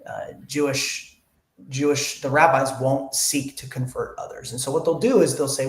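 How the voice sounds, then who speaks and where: A man's voice: medium pitch, normal speed. A man being interviewed, explaining earnestly in casual conversation and retelling bits of dialogue. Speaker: interview guest. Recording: echoey room.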